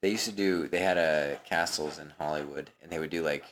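A man's voice: a bass voice, brisk, a bit bright. A man co-hosting a podcast, rambling through crude casual banter and laughing easily. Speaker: podcast co-host.

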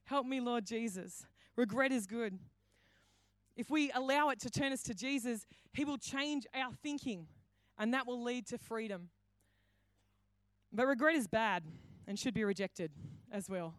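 A woman pastor delivers her sermon with animated storytelling. Her voice sits fairly high and she slips into the voices of the people in her stories. The sound is dry and close. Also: measured pace, dry recording. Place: church hall.

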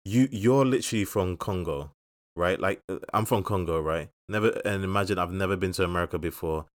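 A man's voice: low-pitched, fairly quick, dry recording, studio quality. A man co-hosting a podcast in casual chat, opinionated and wry, steering the talk to the next topic. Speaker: podcast co-host.

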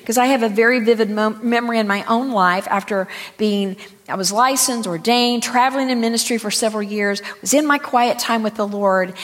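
A woman's voice: a little high, fairly bright tone. A woman pastor preaching in an earnest, conversational way, sharing personal testimony and acting out dialogue. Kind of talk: conversational sermon. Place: church sanctuary. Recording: echoey church hall.

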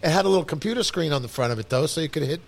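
A man's voice: a little high, lively intonation, very fast, vocal fry. A man hosting a casual podcast from a bar's back room, telling a long rambling story with lots of swearing. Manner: rambling storyteller, swears a lot, acts out quotes loudly. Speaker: podcast host. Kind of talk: casual chat.

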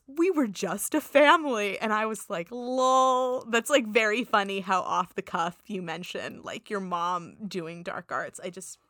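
Woman, podcast co-host, casual chat, dismissive, chatty, bright tone, dry close recording. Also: lowish voice, dry recording. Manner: dismissive, chatty, heavy use of "like".

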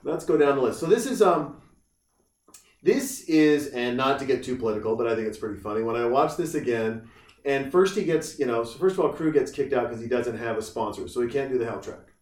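A man hosting a casual talk show, animated and joking, often slipping into mocking voices. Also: mid-range voice, a little fast, recorded from a distance. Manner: animated, mocks others in put-on voices. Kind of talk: casual chat. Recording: roomy echo, a bit off-mic.

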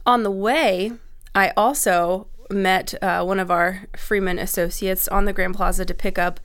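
A woman's voice: mid-range voice, smooth. A young adult woman on the staff of a trade show, telling a casual, self-mocking anecdote and acting out the people in it. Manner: animated, self-mocking storyteller who acts out quoted lines.

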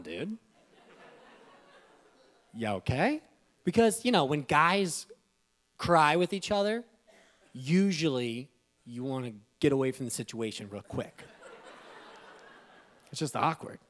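Thirtysomething guy preaching through a story, super animated, laughs a lot, pitch all over the place. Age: 30s. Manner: animated, laughing, voice climbing high when moved. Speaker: speaker. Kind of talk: storytelling devotional sermon.

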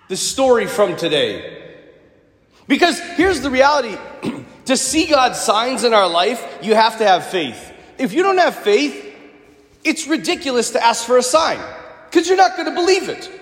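A man, seemingly a priest, giving a joking, animated homily and often clearing his throat. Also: sits high. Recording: echoey hall with long reverb.

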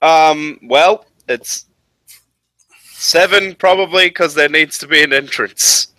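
A man narrates a tabletop adventure as game master, pausing often on fillers as he paints the scene. His voice is bright and a little high for a man. The sound is dry and close. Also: no room sound. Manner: descriptive, halting with fillers.

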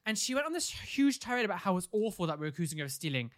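Chat co-host, rambling and filler-heavy, quick delivery. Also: mid-range voice, big pitch swings, a bit bright. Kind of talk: casual storytelling chat.

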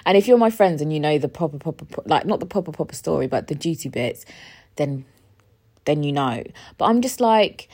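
Low-voiced woman telling a story. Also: brisk, breathy edge. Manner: chatty and expressive, swears freely, repeats herself for emphasis. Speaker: podcast host. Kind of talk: casual storytelling monologue.

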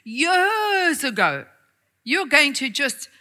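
A middle-aged woman preacher tells a personal story to her church in a high, very bright voice. She chats warmly, laughs often and mocks herself in asides. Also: very animated, drawn-out words. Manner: chatty and laughing, self-mocking asides. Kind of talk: storytelling sermon.

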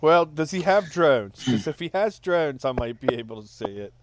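A man's voice: fairly high pitch, animated, moderate pace. A man co-hosting a casual movie podcast, laid-back and joking. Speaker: podcast co-host.

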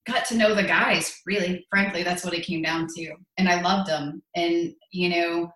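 A woman's voice: lowish voice, fairly even intonation, moderate pace, fairly bright tone, reverberant, low-quality recording. A woman in her forties speaking as an interview guest, earnest and self-deprecating as she recalls her path. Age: 40s. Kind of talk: conversational interview.

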